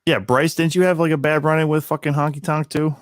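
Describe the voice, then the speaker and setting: A man's voice: a little high, flat delivery, quick pace, no echo, studio quality. A man co-hosting a podcast, talking loosely with plenty of hesitations and slang. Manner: loose, hesitant, lots of "dude" and "um". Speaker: podcast co-host. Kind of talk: casual chat.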